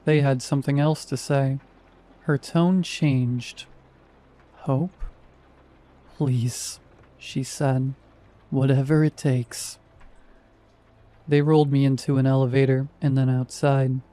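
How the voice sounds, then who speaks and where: A man narrating a first-person horror story in a calm, measured, scripted style. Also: medium pitch, smooth.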